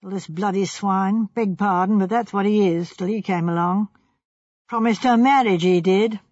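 A reader voicing a burly, shifty, middle-aged publican who is rough-spoken and indignant. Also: mid-range voice, moderate pace, a little mellow, no room sound, muffled recording, natural voice. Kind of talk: audiobook character voice.

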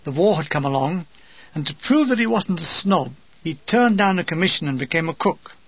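A man's voice: fairly high pitch, animated, moderate pace, breathy edge, dry recording. An older British man with a wry, dry comic manner, reading his war memoir aloud. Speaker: memoir narrator. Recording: dull, dry lo-fi recording.

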